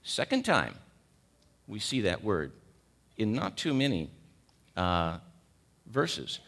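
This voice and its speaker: A man's voice: lowish voice, huge pitch swings, takes it slowly, gravelly, fairly bright tone. A man in his sixties with a cold, preaching a sermon, emphatic and repeating key words as he questions the congregation. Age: 60s. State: has a cold.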